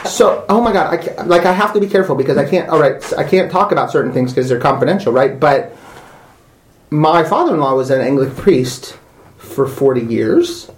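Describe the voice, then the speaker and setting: A tipsy man rants in a casual chat, his pitch leaping up and down as he swears and says sorry again and again. His voice rings in an echoey room. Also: lively intonation, a little fast. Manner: profane, heated, keeps apologizing. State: slightly intoxicated. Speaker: guest. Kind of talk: casual podcast conversation. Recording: roomy echo.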